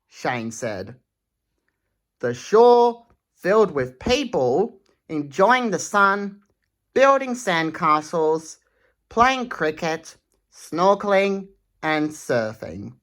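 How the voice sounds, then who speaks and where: A woman reads a children's picture book aloud in a slow, sing-song manner. Her voice sits somewhat low but swings with lively melody, and she takes her time over every line. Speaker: storytime reader.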